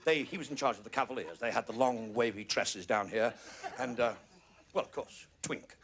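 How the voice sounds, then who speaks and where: Appearing as a guest on TV, a Northern English comedian with a medium-pitched, fairly bright voice rattles through his stand-up gags. He throws in over-the-top comic asides, and the studio is loud with a roaring live audience.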